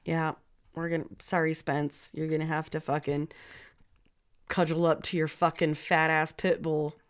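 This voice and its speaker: A woman's voice: sits low, flat delivery, moderate pace. A woman co-hosting a casual chat, swearing freely and rambling through a story. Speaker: podcast co-host.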